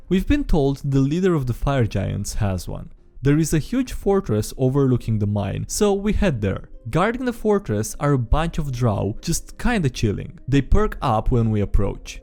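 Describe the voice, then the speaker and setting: A man reads gaming stories aloud, breaking off to laugh and comment. His pitch swings widely as he goes. Faint music plays behind his voice. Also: creaky. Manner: laughs often, animated asides. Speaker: narrator reading stories.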